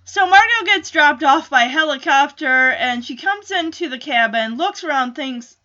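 A woman's voice: high-pitched, lively intonation, normal speed, bright, forceful tone, muffled recording. A woman casually recapping a TV episode in a chatty way, with frequent laughs and filler words.

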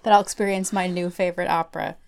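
A woman co-hosting a podcast in casual chat, self-deprecating and quick to laugh. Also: lowish voice, fairly even intonation. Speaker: podcast co-host.

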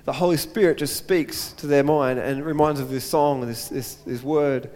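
Male pastor, earnest sermon delivery, rhetorical repetition, slightly high voice, echoing church. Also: steady tone, normal speed, darkish tone. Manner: earnest, repeats phrases and asks rhetorical questions.

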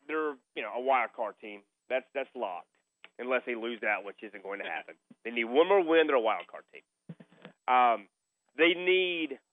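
A middle-aged man with a slightly high voice hosts a sports radio show, telling a story casually and repeating himself. No room sound is present, and the recording has a phone-like radio broadcast sound.

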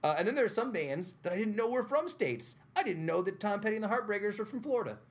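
A man's voice: high voice, lively intonation, fast talker. A young man hosting a casual podcast chat, quizzing his guests and laughing often. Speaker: podcast host.

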